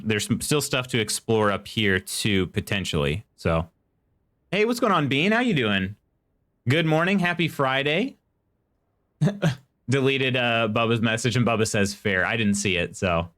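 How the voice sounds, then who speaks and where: A man's voice: fairly low pitch, a bit bright, smooth. A man streaming a horror game live, chatting casually with viewers and reading in-game text aloud. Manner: chatty, reads chat aloud and muses while playing. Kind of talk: casual live gameplay commentary.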